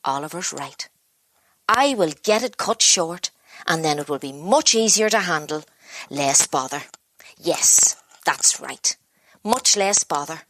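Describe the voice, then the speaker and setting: An actress playing an exhausted, abused mother who blames herself, speaking in a halting, broken inner monologue. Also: on the low side, fairly bright tone, dry recording. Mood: weary. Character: exhausted, self-blaming abused mother, worn down. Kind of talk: dramatic monologue.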